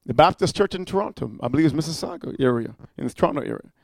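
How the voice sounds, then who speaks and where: A man preaching a fiery evangelistic sermon, emphatic and full of "amen" and "huh?", swinging from quiet asides to loud declarations. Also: fairly high pitch, animated, racing, creaky, no room sound.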